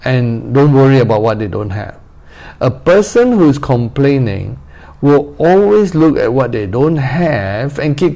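A man's voice: on the high side, gravelly, warm tone. A male pastor preaching a sermon, repeating phrases and asking the listeners direct questions.

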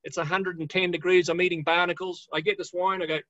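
A man's voice: sits high, level tone, quick pace, bright, forceful tone, no room sound, lo-fi sound. A man with a New Zealand accent, a winemaker telling chatty, jokey stories at a live online tasting. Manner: chatty, jokey, swears, mimics voices in anecdotes. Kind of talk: casual storytelling at a live virtual tasting. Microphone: video call.

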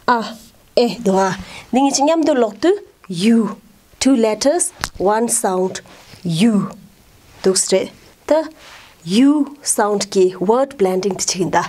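A woman's voice: mid-range voice, warm tone. A woman teaching a phonics lesson, sounding out letters one by one and then blending them into words. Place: school in Ladakh, India.

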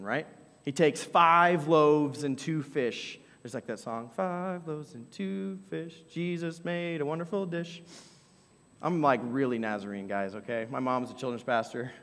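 A young adult man preaching a sermon into a microphone, telling the story with lively energy and sometimes dropping to a whisper. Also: fairly high pitch. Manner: animated storytelling preacher, drops to a whisper for emphasis. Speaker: pastor. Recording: long hall reverb.

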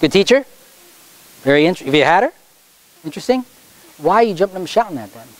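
A man working as a stage hypnotist at a school show, brisk and playful with his volunteers and slow and low when putting them under. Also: very animated, no echo, low-quality recording. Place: high school stage before a student audience.

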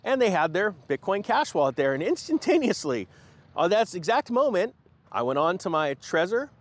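A man hosting a casual crypto vlog in an animated, joking manner. His voice sits a little high and bounces up and down a lot as he talks. He likes to slip into mocking put-on voices when he makes fun of a company. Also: moderate pace. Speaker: host of a crypto finance channel.

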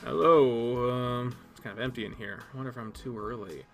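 A man's voice: mid-range voice, brisk, fairly bright tone, faint music behind. A man reading a game aloud and commenting casually, joking and swearing freely. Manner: profane, joking, reads all characters aloud. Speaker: video game player. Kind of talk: casual let's-play commentary.

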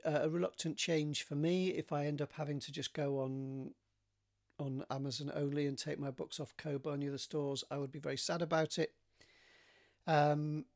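A man's voice: fairly high pitch, creaky. A man, an author, talking casually to his readers, with frequent ums and restarts. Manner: hesitant, many ums and restarts. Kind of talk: casual solo chat.

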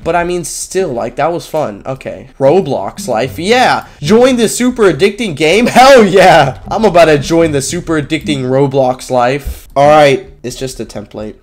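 Young dude hyped on a game, kinda high voice, swears and yells a lot, little music under it. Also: male voice. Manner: excitable, yelling and swearing during play. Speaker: gaming YouTuber. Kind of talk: live gameplay commentary.

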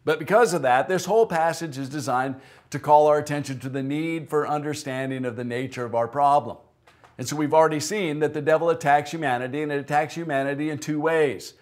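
A man delivers a sermon from the pulpit, speaking in a relaxed, conversational way as he tells a story. His voice sits a little higher than most men's, and he slips into the voices of the people in his story. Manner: conversational, tells stories with acted-out quotes. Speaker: pastor. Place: church.

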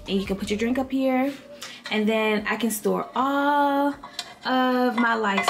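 A woman in her late twenties chatting casually to her viewers from her bedroom, full of fillers and stretched-out words. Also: medium pitch. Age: late 20s. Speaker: vlogger. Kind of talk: casual chat to camera. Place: home bedroom. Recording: roomy echo, faint music behind.

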